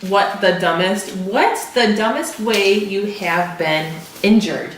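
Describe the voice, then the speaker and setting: A young woman co-hosting a casual podcast, telling stories in an animated, giggly way. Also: medium pitch, slow. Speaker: podcast co-host. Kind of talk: casual chat. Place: room at home. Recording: roomy, distant mic with faint hiss.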